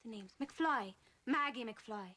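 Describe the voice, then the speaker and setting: A woman's voice: fairly high pitch, lively intonation, slow, pushed and bright, a little hiss or hum, full character voice. An actress playing a stern frontier farm mother. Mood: guarded.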